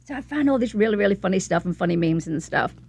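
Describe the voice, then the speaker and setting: A woman co-hosting a casual chat show, talking in a giggly, lively way. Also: medium pitch, fast, creaky, husky, dry recording. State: eating while talking. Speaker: co-host of an expat show.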